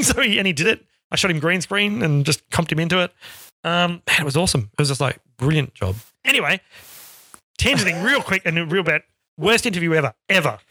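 A middle-aged man from Australia, an interview guest telling animated stories and acting out quotes. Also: fairly high pitch, no echo, clean studio sound. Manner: animated, acts out quotes in storytelling. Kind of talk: casual storytelling.

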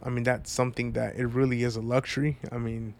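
A man's voice: medium pitch, little pitch movement, quick pace, gravelly, darkish tone. A congested man talking earnestly and reflectively in a personal vlog, rambling and heartfelt. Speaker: vlogger.

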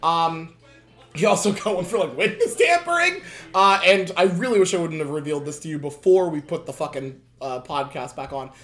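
A man's voice: fairly high pitch, expressive, brisk, fairly bright tone, roomy sound. A young man hosting a podcast in casual chat, swearing freely, laughing often and restarting his sentences. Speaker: podcast host.

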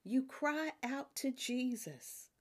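Older lady preaching slow, voice swings way up and down, emphatic. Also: high-pitched, animated. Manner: slow, emphatic preaching with rising exclamations and soft drops. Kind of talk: sermon.

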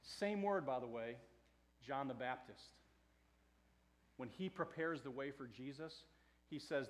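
A man preaching a sermon in a conversational way, swinging from hushed to loud. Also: mid-range voice, measured pace, long pauses, slight background noise. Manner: conversational with fillers and restarts. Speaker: pastor.

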